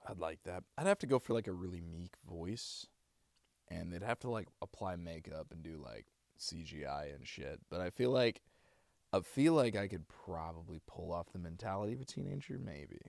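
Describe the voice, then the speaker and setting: A man's voice: sits low, lively intonation, moderate pace, gravelly, a little mellow, no room sound. A man, a voice actor, chatting with his stream viewers in a loose, rambling way. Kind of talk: casual live-stream chat.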